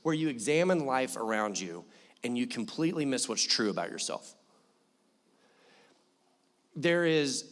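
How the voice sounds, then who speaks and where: A young male pastor giving a sermon in a church, telling a story in an animated, joking manner. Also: medium pitch, long reverb tail. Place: church hall.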